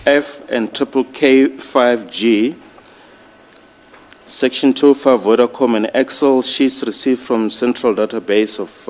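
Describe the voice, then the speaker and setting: A man addressing a judge in a courtroom, reading out exhibits in a formal, deliberate way. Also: mid-range voice. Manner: slow, deliberate, reads exhibit lists. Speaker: prosecutor.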